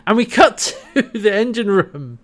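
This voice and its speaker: Male co-host, high pitch, animated episode recap. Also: measured pace. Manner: animated, acts out characters' lines with laughs. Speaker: podcast co-host. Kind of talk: casual chat recapping a TV episode.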